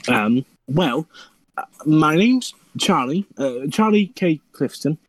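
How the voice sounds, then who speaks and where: A man taking part in a tabletop game, speaking haltingly with plenty of hesitations. His voice is high and sounds dry and close. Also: expressive, dry recording. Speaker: player.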